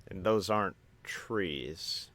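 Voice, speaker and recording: Male game master, slow and low, dramatic narration. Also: a bit bright.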